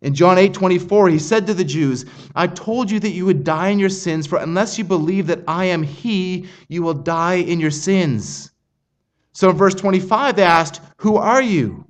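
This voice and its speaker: High-voiced man preaching a sermon. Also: expressive. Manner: earnest, emphatic, reads scripture aloud with slow weighted pauses.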